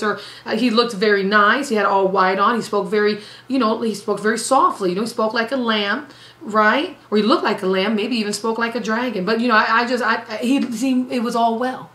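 Woman evangelist, fairly high voice, emphatic sermon, echoey room. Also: normal speed, pushed and bright. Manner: emphatic, repeats phrases for stress. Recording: roomy echo.

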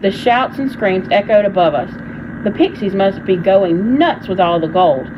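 A woman's voice: medium pitch, normal speed. Woman teacher reading a storybook aloud. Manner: steady reading-aloud pace with small slips. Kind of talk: storybook read-aloud narration. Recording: dull recording with loud air conditioner hum. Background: air conditioner hum.

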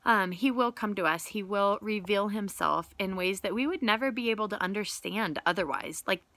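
Bright earnest woman sharing faith. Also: medium pitch, normal speed, no echo. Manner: earnest, conversational, many "like" fillers. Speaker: Bible teacher and vlogger. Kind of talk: casual devotional talk.

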